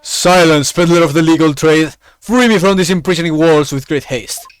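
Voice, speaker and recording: A man's voice: a little high, normal speed, clear, resonant tone, faint music behind, natural voice. A man voicing a pompous mayor possessed by a crow demon, speaking in grand, archaic commands. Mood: imperious.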